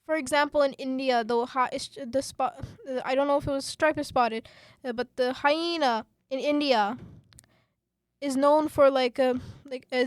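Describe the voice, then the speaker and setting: A woman hosting a student radio podcast, talking with passion and many fillers, then reading her script in a calmer presenter voice. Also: high-pitched, smooth, no room sound, clean studio sound. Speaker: podcast host.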